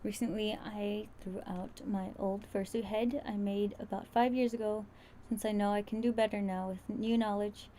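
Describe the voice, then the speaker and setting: A woman's voice: mid-range voice, steady tone, normal speed, mellow, a little hiss or hum. A woman hosting a casual livestream tutorial, chatty and rambling, often stumbling over her words as she sews. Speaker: crafter streaming a sewing demo.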